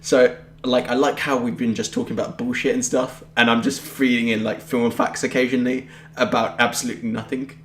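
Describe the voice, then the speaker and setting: A man's voice: mid-range voice, little pitch movement, fairly quick, fairly bright tone, a little hiss or hum. Rambling young man in an echoey room. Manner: rambling, offhand, jokey. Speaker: podcast co-host. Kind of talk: casual chat. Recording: roomy echoey home recording.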